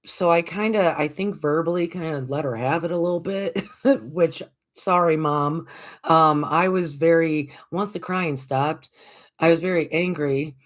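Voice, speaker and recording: A woman's voice: low voice, measured pace. A woman in her forties telling a story casually as a livestream host, acting out the voices of the people in it and laughing often. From United States. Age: 40s. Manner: animated, acts out quoted voices, laughs often.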